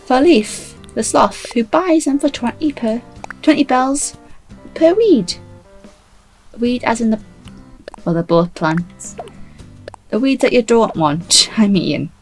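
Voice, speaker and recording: A woman's voice: fairly high pitch, a little mellow, rough recording. A woman casually commenting while playing a video game, chatty and self-mocking, still a bit sleepy. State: sleepy, trying not to yawn. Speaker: gaming YouTuber.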